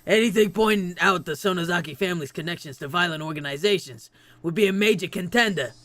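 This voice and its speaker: A man's voice: high-pitched, fast talker, crowd noise. A man reading translated game dialogue aloud, with occasional slips.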